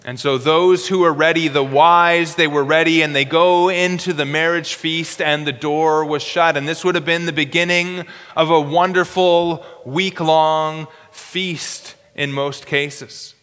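A man preaching an expository sermon in an earnest way, slowing down for emphasis and often repeating words. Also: a little high, steady tone, fairly bright tone, clean tone, long reverb tail.

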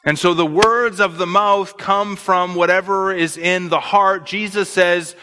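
A man's voice: sits high, steady tone, a little slow, bright, forceful tone, big-room sound, soft background music. A man preaching an expository sermon, earnestly explaining scripture verse by verse.

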